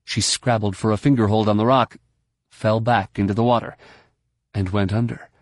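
A man narrating an audiobook in a brisk, steady storytelling manner. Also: fairly low pitch, no echo, clean studio sound. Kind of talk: scripted narration.

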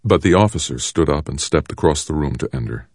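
A man reading a novel aloud as an audiobook narrator, low and even. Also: brisk, no echo, clean studio sound. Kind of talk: scripted narration.

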